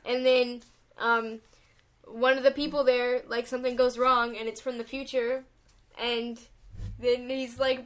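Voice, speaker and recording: Brief: young woman podcast co-host, slightly high voice, loose and rambling. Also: little pitch movement, measured pace. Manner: rambling, playfully speculative. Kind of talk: casual chat.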